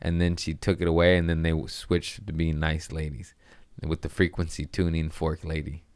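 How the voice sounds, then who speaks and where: A man's voice: rumbling low, little pitch movement, normal speed, darkish tone, dry recording. A man hosting his own podcast, rambling crudely in a casual monologue and laughing at his own jokes. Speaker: podcast host.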